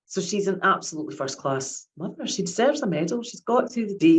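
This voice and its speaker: A woman's voice: mid-range voice, expressive, a little fast, a little hiss or hum, rough recording. A woman, giving a chatty academic lecture on child psychiatry and often repeating her words.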